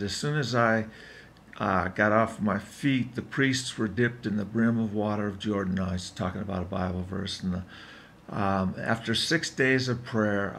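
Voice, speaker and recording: A vlogger in his fifties records a casual video diary in his apartment, rambling earnestly and repeatedly breaking off to start over. His voice is fairly low, gravelly and a bit bright, with slight background noise.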